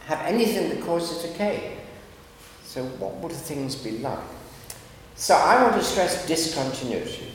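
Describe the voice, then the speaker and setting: A man, a philosopher, giving a lively, wry lecture full of asides. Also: fairly high pitch. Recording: echoey lecture hall with faint background noise.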